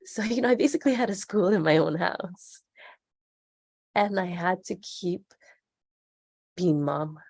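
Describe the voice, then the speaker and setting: A woman's voice: on the low side, unhurried, long pauses, a little mellow, husky, no room sound, clean studio sound. A middle-aged woman speaking as a podcast guest, earnest and reflective as she talks openly. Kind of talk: candid interview conversation.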